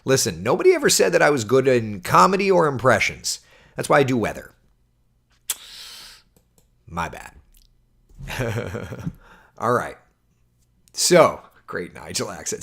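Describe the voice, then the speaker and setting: A man's voice: mid-range voice, measured pace, vocal fry, long pauses, husky. A man, a TV meteorologist, chatting casually on a livestream and answering viewer questions. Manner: chatty, animated, reads viewer comments aloud.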